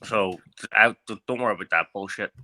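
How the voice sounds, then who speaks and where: Male caller, low pitch, very bright tone, earnest delivery. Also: brisk. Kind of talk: casual phone-in chat.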